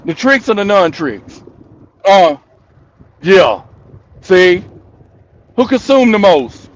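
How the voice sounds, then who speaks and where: A man with a high-pitched voice delivers casual opinion commentary to his audience. He takes his time, hammering each point home by repeating it and laughing between thoughts. He speaks straight to his viewers as the host of his own channel. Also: very animated, slow.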